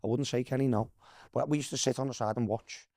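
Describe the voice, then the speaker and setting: A man's voice: mid-range voice, fairly even intonation, fast talker, dark tone, dry recording, clean studio sound. A man with a Scouse accent, a former footballer talking as a guest, chatty and swearing freely as he tells stories. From Liverpool, England. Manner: chatty, swears freely, calls people lad. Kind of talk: casual storytelling chat.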